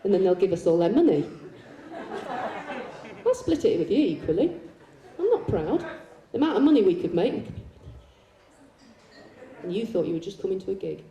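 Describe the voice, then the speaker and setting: A woman's voice: mid-range voice, very animated, a little fast, pauses often, recorded from a distance, muffled recording, a crowd in the background. A woman performing a live stage monologue and a poetry reading, teasing the audience with playful banter. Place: large concert hall, live show. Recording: echoey hall recording.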